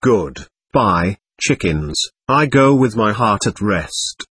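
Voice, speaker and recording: A man's voice: on the low side, animated, takes it slowly, fairly bright tone, breathy edge, full character voice. A man voicing a bossy, theatrical teenage schoolboy who talks in a mock-solemn, lecturing way. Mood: commanding.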